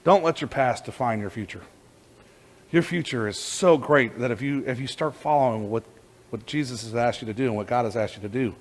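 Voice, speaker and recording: A man preaching a sermon as pastor, telling a story with lively energy and many restarts and repeated words. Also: mid-range voice, brisk.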